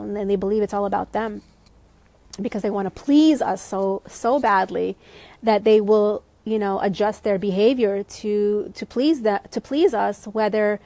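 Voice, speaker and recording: A woman's voice: mid-range voice, creaky, no echo. Reflective woman coach, dry sound. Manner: conversational, reflective, many "you know" fillers; gently reassuring, speaks to viewers directly. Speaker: life coach. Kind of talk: live-stream advice talk to viewers.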